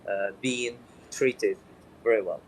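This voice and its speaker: A man's voice: on the low side, fairly even intonation, low-quality recording. A man hosting a live online chat, joking and switching between languages, with many filler sounds when he speaks English. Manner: rapid-fire, jokey, hesitant with many uh fillers in English. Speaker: host of a live English practice stream. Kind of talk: bilingual casual live-stream chat.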